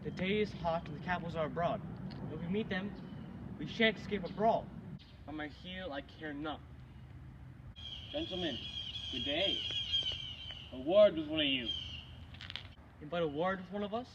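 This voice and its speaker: A young man, a student actor, reciting Shakespearean street-quarrel scenes in a quick exchange. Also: fairly high pitch, close to an everyday voice. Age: young adult. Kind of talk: amateur Shakespeare scene acting. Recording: dull lo-fi recording with loud noise.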